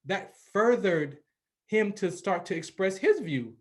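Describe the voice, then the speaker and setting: A man's voice: high voice, animated, moderate pace. A man in his forties from California, a radio personality and podcast guest, speaking earnestly and with emphasis as he tells a personal story in casual conversation. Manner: earnest and emphatic, acts out quoted voices.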